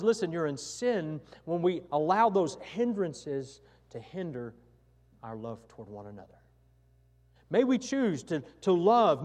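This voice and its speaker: A man's voice: a little high, a little mellow, big-room sound. A man preaching a sermon as pastor, telling a story and often repeating and restarting his words. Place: church sanctuary.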